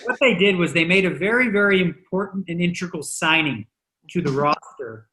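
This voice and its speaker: Brief: male podcast host, loose chatty delivery, bright tone, roomy echo. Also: high-pitched, expressive, normal speed. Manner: chatty, joking, loose with fillers. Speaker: podcast host, poker pro. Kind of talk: casual podcast chat.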